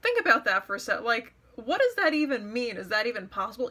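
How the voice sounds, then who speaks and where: Young woman, bright and sharp, slightly high, sarcastic storytime rant. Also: very animated, fast. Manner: exasperated, sarcastic, mocks others' words. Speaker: vlogger.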